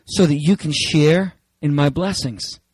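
A male pastor delivers a sermon with fervor. His voice sits a little high and leaps into shouted exclamations, then drops to quiet, intimate asides. The recording is dry and close. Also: measured pace, slightly rough, dry recording, low-quality recording. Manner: impassioned preaching with sudden shouts and hushed asides.

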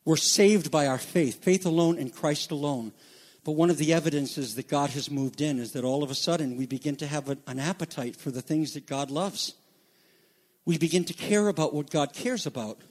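A man with a rather high voice delivers a sermon. He teaches in a calm, explaining tone with some stumbles and restarts, then builds to loud, drawn-out, shouted emphasis. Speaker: pastor.

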